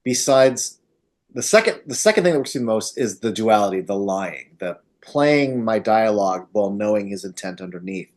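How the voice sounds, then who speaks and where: A man on a podcast, casually discussing a horror film with animated energy and loose swearing. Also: fairly low pitch, moderate pace. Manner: animated, swearing, quotes scenes in voices. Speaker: podcast host.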